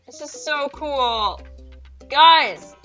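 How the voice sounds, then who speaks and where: A woman hosting a gaming channel, giving excitable, swear-filled commentary on her own gameplay with sudden squeals. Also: medium pitch, normal speed, lo-fi sound, soft background music. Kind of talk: let's play commentary.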